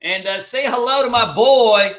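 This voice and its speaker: Man, webinar host, high voice, bright tone, energetic, joking, filler-heavy casual chat. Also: moderate pace. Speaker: webinar host and trading mentor. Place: home.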